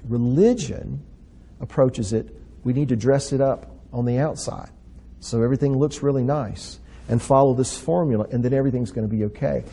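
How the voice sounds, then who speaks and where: Guy preaching a sermon, husky mellow voice, reads scripture w/ lots of emphasis then explains it. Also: medium pitch.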